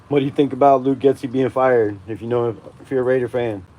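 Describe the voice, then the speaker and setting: A man in his forties, a fan channel host, rants through a live stream outdoors on a stormy night, profane and emphatic and laughing often. His medium-pitched voice is mellow, with fairly even intonation and normal speed.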